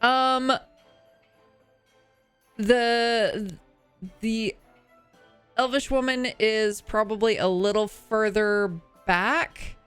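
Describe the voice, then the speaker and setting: A woman's voice: a little high, steady tone, very slow, long pauses, a bit bright, clear, resonant tone, no room sound, soft background music. A woman narrating as game master of a tabletop game, hesitant and full of fillers.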